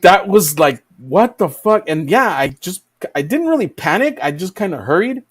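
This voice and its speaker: A man telling a story on a casual podcast over a video call, animated and swearing freely. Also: sits high, normal speed, husky. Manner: animated, swears freely, voices his own disbelief. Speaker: podcast co-host.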